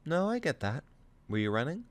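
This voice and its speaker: A man voicing a gentle young woman in a storybook reading, speaking quietly and hesitantly. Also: fairly high pitch, big pitch swings, normal speed, pitched above the performer's own voice.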